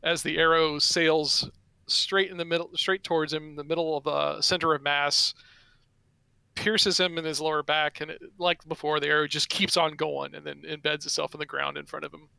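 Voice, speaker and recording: A man's voice: a little high, level tone, normal speed, gravelly, bright, forceful tone, clean tone, dry recording. A man playing in an online tabletop game, methodically thinking aloud through his turn. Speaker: player. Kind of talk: casual tabletop game chat.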